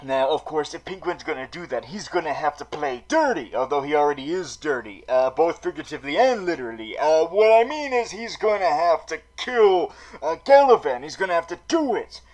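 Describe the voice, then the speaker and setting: A melodramatic super villain vlogger, played by a man, hosting a comedic recap show. He stammers and repeats words in a high voice, swinging between gushing and grumbling. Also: expressive, brisk, hardly any pauses, a little mellow, lightly acted, low-quality recording. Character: theatrical male super villain vlogger, dramatic. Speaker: vlog host. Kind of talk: comedic in-character recap vlog.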